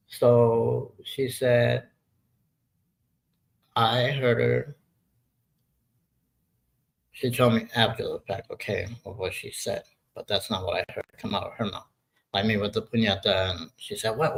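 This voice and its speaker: A man's voice: fairly low pitch, gravelly, rough recording. A sixty-year-old man hosting a casual live chat, rambling and swearing, often laughing at his own jokes. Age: 60s. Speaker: livestream host.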